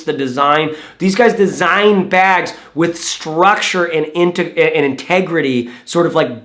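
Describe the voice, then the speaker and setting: A man reviewing backpacks in a casual, excitable vlog, rambling with lots of fillers. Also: a little high. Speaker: YouTube bag reviewer. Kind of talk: casual enthusiastic vlog talk.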